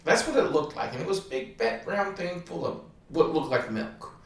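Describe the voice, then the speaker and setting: A man's voice: on the high side, lively intonation, moderate pace, echoey room. A man telling a personal anecdote in a casual, rambling way, with a wry tone and many "um"s. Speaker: storyteller.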